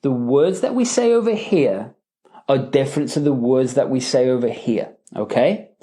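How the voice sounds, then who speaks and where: A man coaching in a live question-and-answer session, emphatic and animated, often checking in with "right?" and "okay?". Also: mid-range voice, moderate pace. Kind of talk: live Q&A teaching.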